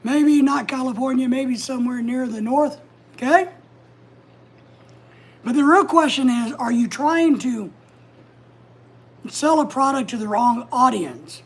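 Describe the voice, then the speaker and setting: A woman's voice: sits high, unhurried, pauses often, husky. A woman hosting a casual livestream from home, chatting, giving advice and reading out viewer comments. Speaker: livestream host.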